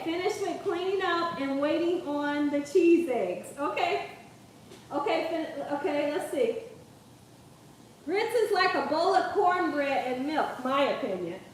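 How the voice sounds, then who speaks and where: With an extremely high voice carrying a bit of hiss or hum, a young woman runs a live cooking stream from her home kitchen. She's chatty, laughs a lot, says "okay" constantly, and reads viewers' comments aloud, her mic set far off in an echoey room.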